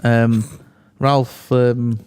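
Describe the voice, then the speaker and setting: Man, podcast co-host, easygoing and hesitant, warm mellow tone. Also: mid-range voice, flat delivery, extremely slow, clear, resonant tone. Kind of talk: casual football chat.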